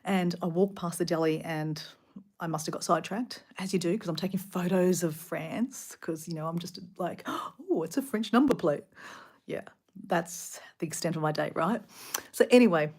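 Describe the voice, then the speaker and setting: A middle-aged Australian woman rambling casually about her day, chatty and animated, full of asides. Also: on the low side, normal speed. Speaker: vlogger. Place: hotel room.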